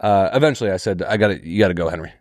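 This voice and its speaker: A man's voice: sits low, very fast, no room sound, clean studio sound. A young man co-hosting a podcast, telling a story in casual chat, swearing and acting out the people he quotes. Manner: animated, swears a lot, acts out quotes. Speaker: comedian podcast co-host.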